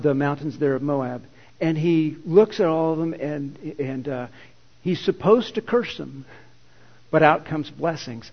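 A man preaching a sermon and retelling a scripture story in an animated, conversational way. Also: on the high side. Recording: echoey hall, dull lo-fi.

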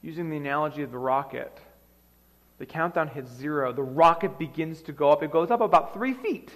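A man preaching a sermon as pastor, telling the story dramatically with shifting loudness, in a church sanctuary. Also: a little high, fairly quick. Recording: long reverb of a large hall.

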